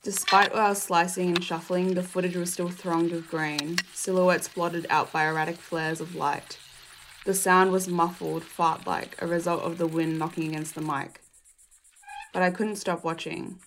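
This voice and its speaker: A young woman from Australia reading her personal essay aloud in a measured, reflective way. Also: fairly low pitch, flat delivery, background noise.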